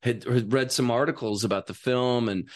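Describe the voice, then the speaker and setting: Animated man telling road stories. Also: medium pitch, normal speed. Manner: animated storyteller, acts out voices. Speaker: actor guest. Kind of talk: casual storytelling interview.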